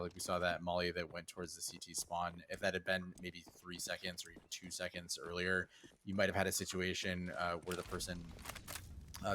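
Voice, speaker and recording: A man giving live esports analysis as color commentator, measured and full of filler uhs. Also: deep voice, a bit bright, a little hiss or hum.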